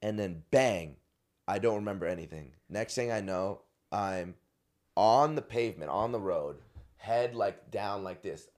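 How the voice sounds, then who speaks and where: Man, very low voice, casual storytelling, slangy, laughing between lines, from Arizona. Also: measured pace, a little mellow.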